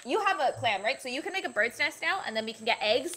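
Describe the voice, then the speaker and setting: A woman's voice: sits high, animated, fast talker, pushed and bright, a little hiss or hum. A woman in a casual co-op gaming chat, chatty and playful, with lots of filler words. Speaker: co-op gaming partner.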